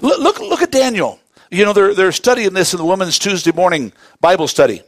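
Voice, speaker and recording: Man, pastor, sermon, high voice, emphatic, dry sound. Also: lively intonation, fairly quick, no echo. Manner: emphatic preaching, swinging between hushed and loud.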